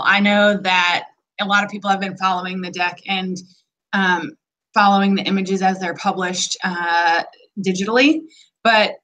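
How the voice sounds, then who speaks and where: A woman's voice: on the low side, bright, forceful tone, slight background noise, low-quality recording. A woman co-hosting a casual podcast chat, talking enthusiastically with frequent ums. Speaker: podcast co-host.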